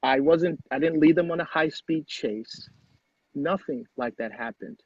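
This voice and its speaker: Husky middle-aged man, earnest storyteller. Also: fairly high pitch, unhurried, no room sound, muffled recording. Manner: earnest, repeats phrases for emphasis. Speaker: guest. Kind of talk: personal storytelling in conversation.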